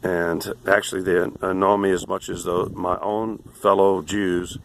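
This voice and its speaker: A man in his sixties with a Central Texas accent, tired and hoarse, ranting to camera in a crude, boastful, abrasive way. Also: sits low, flat delivery, a little slow, slight background noise. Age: 60s. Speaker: vlogger.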